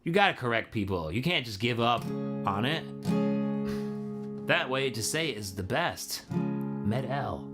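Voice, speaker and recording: A man's voice: mid-range voice, lively intonation, normal speed, pauses often, loud music behind the voice. A man who is a singer hosting a live stream, chatting casually with viewers in a laid-back, chatty way and laughing often.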